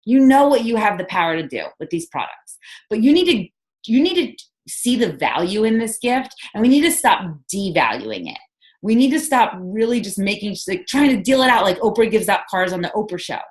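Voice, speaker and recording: A woman's voice: mid-range voice, very animated, normal speed. A woman leading a team call, coaching with energy and enthusiasm and firing off rhetorical questions. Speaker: sales team leader. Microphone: conference call.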